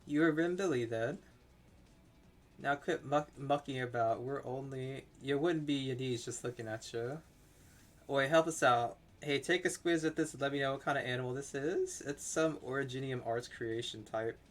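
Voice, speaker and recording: A man's voice: medium pitch, normal speed, natural voice. A man voicing a brash, slangy bush hunter in a put-on Australian accent. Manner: slangy, loud and breezy. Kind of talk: reading game dialogue aloud.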